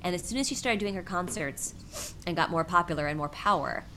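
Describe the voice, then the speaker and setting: A woman impressionist with a husky voice, chatting animatedly as an interview guest and laughing often. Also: lowish voice, brisk, background noise. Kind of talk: casual interview chat.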